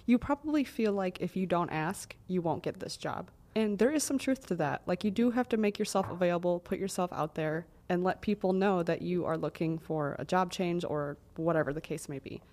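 A woman co-hosts a casual advice podcast with a practical, reassuring manner. Her voice is slightly low for a woman. She speaks in an easy conversational way. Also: a little fast, hardly any pauses, a little mellow.

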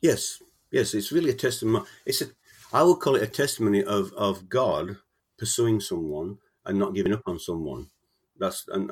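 Deep husky man telling his testimony. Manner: halting, repeats words, earnest and emotional. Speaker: author guest. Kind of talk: casual interview, personal testimony.

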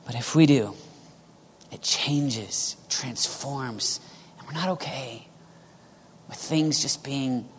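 Impassioned preacher, hushed to urgent. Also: male voice, medium pitch, takes it slowly, pauses often, husky. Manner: passionate, swings from loud urging to hushed whispers. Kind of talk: sermon. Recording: long reverb of a large hall.

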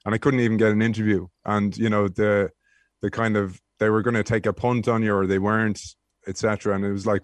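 A man, a guest telling lively anecdotes in an interview, often restarting his sentences. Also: fairly low pitch, fast, no room sound. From Ireland. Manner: animated storyteller with frequent restarts. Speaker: guest, former rugby player.

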